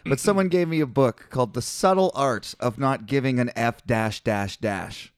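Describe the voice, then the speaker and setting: A man's voice: mid-range voice, moderate pace, clean tone, no echo. Profane ranting man, dry mic. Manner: profane, ranting, animated storytelling. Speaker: podcast host. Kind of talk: casual podcast chat.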